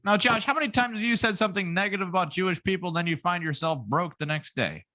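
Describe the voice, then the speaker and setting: A man's voice: sits high, animated, quick pace, pushed and bright. A man co-hosting a podcast in casual comedic chat, joking and rambling with fillers. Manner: joking, does mocking voices, rambling with fillers. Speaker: podcast co-host.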